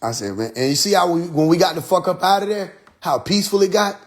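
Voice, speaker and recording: A man talking casually on a phone livestream. His voice sits a little high and he swears freely. He laughs between lines and mimics how other people talk. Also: quick pace. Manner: animated, profane, laughing storyteller who mimics others. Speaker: livestream host.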